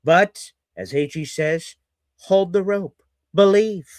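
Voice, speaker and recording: Sarcastic, ranting sports host, man, high-pitched, dry booth sound. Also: slow, no room sound. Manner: ranting and sarcastic, mocking fans in put-on voices. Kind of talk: live sports reaction talk.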